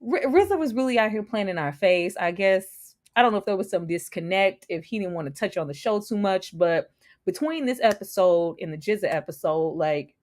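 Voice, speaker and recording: A woman's voice: mid-range voice, animated, brisk, darkish tone. A young woman hosting a casual TV review livestream, laughing often and greeting viewers by name.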